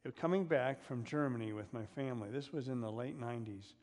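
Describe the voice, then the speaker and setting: A pastor delivers a sermon in an easygoing, middle-pitched voice with a brisk pace and a darkish tone. He is humorous, cracking jokes and drawing the congregation in with questions. His words trail off into the long reverb of a church hall.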